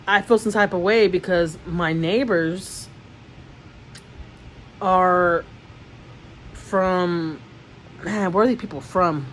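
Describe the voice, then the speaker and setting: A woman's voice: fairly low pitch, a little hiss or hum, poor audio. Rambling woman vlogger. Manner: rambling, with many restarts and repeated words; emotional storytelling. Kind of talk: casual chat to camera.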